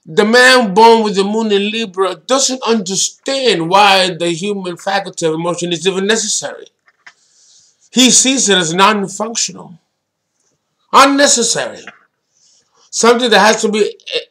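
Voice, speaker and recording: A man giving a solo astrology talk as an astrologer, deliberate and emphatic, blunt and sometimes swearing. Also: high voice, fairly bright tone.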